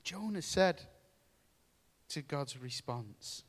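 A man preaches in a high voice at a slow, deliberate pace. He speaks earnestly and breaks off into stories, and a long reverb from a large hall trails his words. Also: expressive. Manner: earnest, slow and pausing, with storytelling asides. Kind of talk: sermon.

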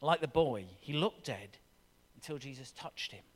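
A man preaching a sermon with expressive, dramatic scripture reading in a church. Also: mid-range voice, moderate pace. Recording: long reverb of a large hall.

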